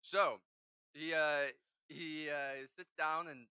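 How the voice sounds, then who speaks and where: A man narrating as game master at a tabletop game, relaxed with many fillers. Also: on the high side, slow, clear, resonant tone, no echo, dull audio.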